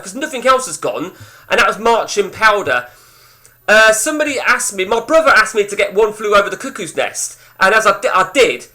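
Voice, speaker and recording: Animated, sweary man spinning a yarn. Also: high voice. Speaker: game streamer. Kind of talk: casual storytelling to chat.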